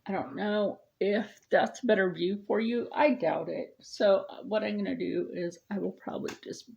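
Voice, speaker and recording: A woman's voice: mid-range voice, normal speed, gravelly, highs cut off, noisy background. A middle-aged woman hosting a casual sewing tutorial, chatting and explaining each step as she sews. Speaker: sewing channel host.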